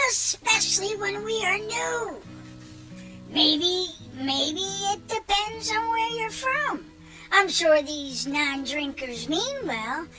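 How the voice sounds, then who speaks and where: Picture a performer doing a long-winded robot buddy, a high and very lively voice that swoops up and down as it preaches. He takes his time, drawing words out slowly. Clear music plays under him throughout. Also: exaggerated voice, rough recording. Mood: preachy. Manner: long-winded, animated, mocking. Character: chatty, hyped-up male robot buddy.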